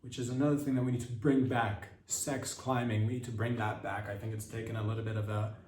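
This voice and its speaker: A man's voice: medium pitch, fast talker, recorded from a distance, slight background noise. Rambling man riffing in a roomy space. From Canada. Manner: rambling, deadpan mock-serious. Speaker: podcast host. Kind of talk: comedic news riff.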